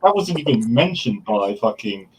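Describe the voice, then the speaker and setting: A man's voice: mid-range voice, sing-song, normal speed, background noise. A man hosting casual sports talk, blunt and profane, laughing often. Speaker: host.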